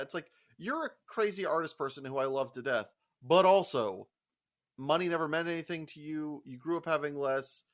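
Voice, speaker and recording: A man's voice: a little high, a little fast. A young man co-hosting a podcast, telling work stories in casual chat, swearing freely and laughing as he acts out quotes. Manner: profane animated storyteller, laughs often, acts out quotes. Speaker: podcast co-host.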